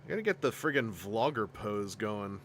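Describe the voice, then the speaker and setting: A man's voice: lowish voice, sing-song, normal speed, slight background noise. A man chatting casually on a livestream as host, rambling with lots of asides and frequent laughter. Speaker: toy collecting streamer.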